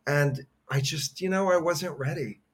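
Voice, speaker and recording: A man's voice: fairly high pitch, measured pace, slightly rough. A middle-aged man, an actor guest on a podcast, telling personal stories in an earnest, heartfelt way with many restarts. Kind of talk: conversational storytelling.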